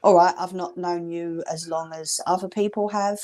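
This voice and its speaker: Woman, frank, reassuring, lower voice. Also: steady tone, normal speed, mellow. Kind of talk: casual chat.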